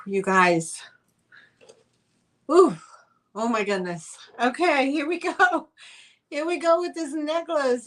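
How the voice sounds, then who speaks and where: A woman hosting a casual live-stream vintage sale, chatty and rambling with lots of fillers. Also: mid-range voice. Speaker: host selling vintage items.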